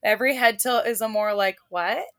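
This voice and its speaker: A woman's voice: mid-range voice, normal speed, a bit bright, no echo, clean studio sound. A young adult woman, a veterinary technician and animal communicator, talking casually as a podcast guest with frequent fillers and laughs.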